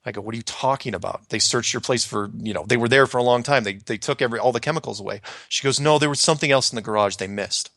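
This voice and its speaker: Middle-aged male storyteller, gravelly, chatty and animated, plays every character in his tale; dry close mic. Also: medium pitch, fast, hardly any pauses, no echo. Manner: animated, acts out quoted voices, laughs often. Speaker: storyteller guest recounting his past. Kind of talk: casual conversational storytelling.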